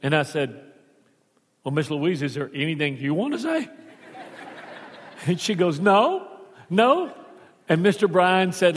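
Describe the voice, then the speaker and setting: A man from Texas, a pastor, telling a personal story in a sermon and acting out the voices of the people in it. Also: high-pitched. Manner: animated storyteller acting out dialogue. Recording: long church hall reverb.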